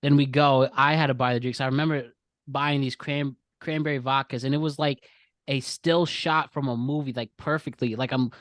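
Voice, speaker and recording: A man's voice: mid-range voice, no room sound, clean studio sound. A young man hosting a casual podcast game, telling rambling stories and often stopping to correct himself. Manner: rambling, self-correcting storyteller who laughs often. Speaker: podcast host running a quiz game.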